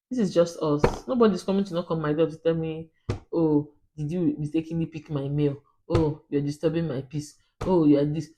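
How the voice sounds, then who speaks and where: A woman vlogging, telling a story to the camera in an animated, emphatic way and acting out both sides of a conversation. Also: fairly low pitch.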